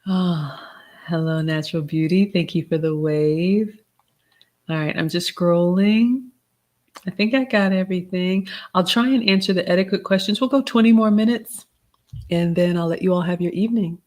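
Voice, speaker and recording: A middle-aged woman, hosting a live Q&A, reading out chat comments and giving gentle advice in a casual tone. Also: lowish voice, moderate pace. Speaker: livestream host answering chat questions.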